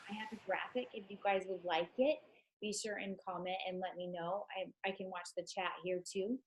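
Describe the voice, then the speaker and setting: A woman's voice: medium pitch, slightly rough, poor audio. A chatty, enthusiastic woman with a stuffed-up nose, talking casually to her team on a live stream, with many ums.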